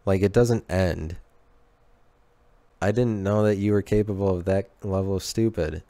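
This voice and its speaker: A man's voice: sits low, fairly even intonation, a little slow, warm tone, no room sound. A man hosting a podcast, rambling through a comedic monologue and restarting his sentences. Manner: rambling, restarting sentences, ironic self-talk. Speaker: podcast host.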